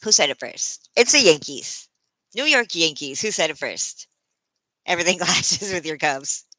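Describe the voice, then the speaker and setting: A woman's voice: deep voice, big pitch swings, normal speed, bright, forceful tone, no echo, poor audio. A woman hosting a casual trivia stream, playful and laughing often as she reads out chat.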